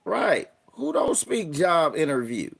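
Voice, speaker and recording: A young man hosting a casual livestream, telling stories with animated delivery and mock voices. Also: a little high, takes it slowly, creaky, breathy edge. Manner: animated storytelling, puts on voices and mock formal talk. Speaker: streamer host.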